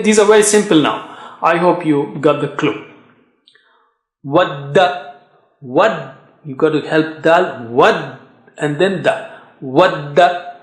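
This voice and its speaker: Man, high voice, slow and deliberate, patient teacher, repeats drills, echoey room. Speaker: Quran recitation teacher. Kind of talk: classroom tajweed lesson.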